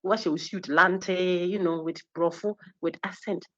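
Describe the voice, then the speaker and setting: A woman giving a university lecture, animated and teasing, acting out little quotes as she goes. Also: on the low side, unhurried. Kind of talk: lively classroom lecture. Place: lecture hall. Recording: husky, dull lo-fi lecture recording.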